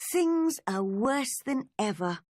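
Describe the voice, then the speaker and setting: A woman's voice: high voice, very animated, slow, a little mellow, no echo, clean studio sound, pitched above the performer's own voice, full character voice. A woman reading a storybook, voicing a curious young girl who is easily upset, in a wondering, fretful way. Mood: worried.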